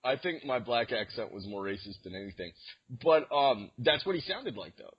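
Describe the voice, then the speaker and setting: Husky young man telling rambling stories. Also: medium pitch, animated, normal speed. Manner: rambling storyteller with many fillers and restarts. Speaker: podcast co-host. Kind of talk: casual chat. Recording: dull lo-fi recording.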